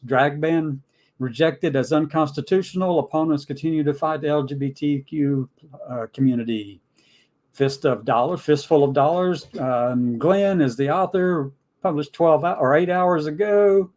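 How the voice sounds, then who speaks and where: A man's voice: a little high, darkish tone. Rambling man hosting a live news show. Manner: rambling, repeats himself, acts out quotes. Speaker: host. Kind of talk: casual news commentary. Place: home studio, streamed live.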